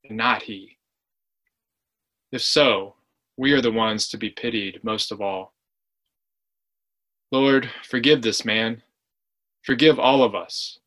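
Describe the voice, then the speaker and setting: A man's voice: mid-range voice, a bit bright, natural voice. A man playing a troubled onlooker in ancient Jerusalem, in a reflective, questioning church monologue. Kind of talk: church dramatic reading.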